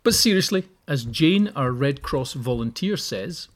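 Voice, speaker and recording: A man's voice: medium pitch, animated, a little slow. A man hosting a solo podcast, giving practical tips with wry, joking asides. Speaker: podcast host. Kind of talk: solo podcast advice talk.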